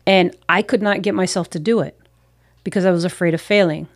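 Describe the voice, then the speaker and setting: A woman's voice: on the low side, steady tone, brisk, no echo, studio quality. Earnest woman pastor telling stories. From United States. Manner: earnest, reflective, acts out her own past self-talk. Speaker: missionary pastor. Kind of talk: personal storytelling in an interview.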